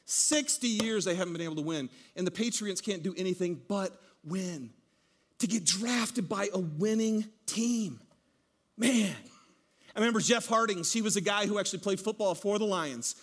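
Bright, high-voiced animated male pastor. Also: moderate pace. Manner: animated, jokey storytelling with laughs. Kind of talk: sermon.

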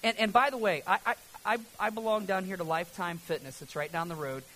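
A man preaching a sermon as pastor, lively and conversational, swinging from loud emphatic lines to a hushed, almost whispered delivery. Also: high-pitched, fast, slight background noise, rough recording.

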